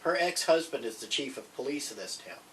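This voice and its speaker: Man, podcast co-host, rambling and chatty, mid-pitched voice, set back from the mic, faint hiss behind. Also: brisk. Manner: chatty, rambling, grows excited. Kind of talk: casual chat recommending TV shows. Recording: distant mic, faint background noise.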